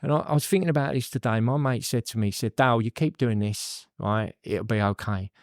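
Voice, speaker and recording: A man's voice: medium pitch, a little fast, dry recording, studio quality. A middle-aged man, a podcast guest telling his recovery story in a rambling, candid way with fillers and swearing.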